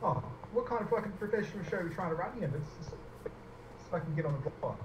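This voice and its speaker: A man co-hosting a live stream who rambles excitably and swears freely in casual banter. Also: high voice, fast talker. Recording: echoey, dull, noisy remote audio.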